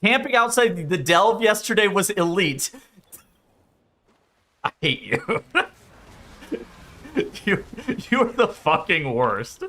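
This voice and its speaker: Animated, bright-voiced streamer guy. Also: high-pitched, takes it slowly, long pauses. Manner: profane, rambling, laughs often. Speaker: game streamer. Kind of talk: casual chat on a stream.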